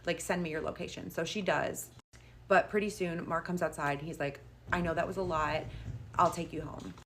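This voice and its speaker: A woman's voice: sits low, fairly even intonation, moderate pace, a bit bright, a little hiss or hum. A young woman casually telling a storytime tale, chatty and full of "like" as she quotes each person. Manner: chatty, quoting people with "like".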